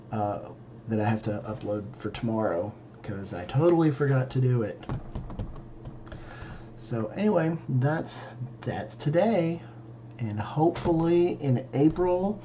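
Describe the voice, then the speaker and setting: A tired vlogger, yawning, recaps his day in a casual vlog from his home office late at night, rambling and correcting himself. His mid-range voice is mellow, and the muffled recording carries slight background noise.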